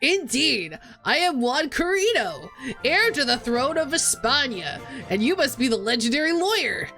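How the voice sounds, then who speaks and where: A lofty fox prince announcing himself grandly, then slipping into laid-back dude slang, as a woman puts him on. Game music runs softly behind. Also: high-pitched, big pitch swings, normal speed, full character voice. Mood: grandiose.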